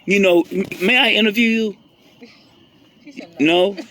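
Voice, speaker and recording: A man's voice: high voice, slow pace, bright, forceful tone, a little hiss or hum. A man hosting a casual phone video at an outdoor campsite, playful and teasing, often repeating his words. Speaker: host filming the gathering. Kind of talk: casual chat to camera. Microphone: handheld phone camera.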